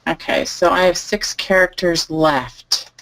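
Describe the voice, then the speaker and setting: A woman teaching a live online lesson, calmly thinking aloud as she types through each step. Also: on the low side, a little slow, noisy background. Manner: relaxed, thinking aloud while typing. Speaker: online selling instructor. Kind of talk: live screen-share tutorial.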